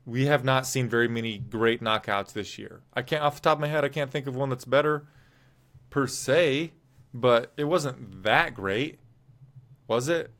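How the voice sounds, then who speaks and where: Casting note: man, mid-pitched voice, loose unscripted fight recap, opinionated and rambling, stops to correct himself. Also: moderate pace, fairly bright tone. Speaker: MMA show host. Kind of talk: casual fight recap commentary.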